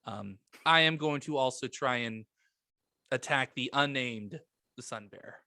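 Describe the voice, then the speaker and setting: Bright-voiced man joking through a tabletop game. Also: mid-range voice, unhurried, dry recording, clean studio sound. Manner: laughs often, joking. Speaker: player. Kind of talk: casual tabletop game talk.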